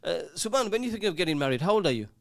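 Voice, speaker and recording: A man's voice: sits high, big pitch swings, very fast, creaky, a bit bright, no echo. A man hosting a community radio call-in show, teasing listeners and reading out their messages in a casual, jokey way. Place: radio studio.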